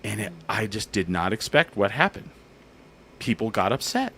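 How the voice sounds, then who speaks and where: A man hosting a casual comedy talk show, telling an animated story and acting out what people said. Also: fairly low pitch, normal speed, slight background noise. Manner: animated storyteller, acts out quotes. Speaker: podcast host and comedian.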